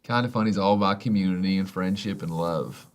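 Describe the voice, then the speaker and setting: A man's voice: sits low, quick pace. A man hosting a comedy morning show segment, reading a listener note in a playful, announcer-like way. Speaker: show host.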